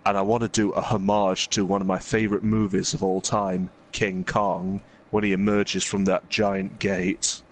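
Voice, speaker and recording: Male gaming host, somewhat low voice, loose rambling anecdote delivery. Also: flat delivery, moderate pace, hardly any pauses. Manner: rambling, full of fillers and "he's like" asides. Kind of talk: casual storytelling while playing a game.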